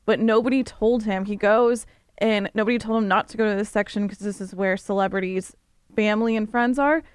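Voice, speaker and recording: A woman's voice: medium pitch, steady tone, brisk, smooth, no echo, clean studio sound. A woman on a radio show, telling a story in a giggly, rambling, casual way.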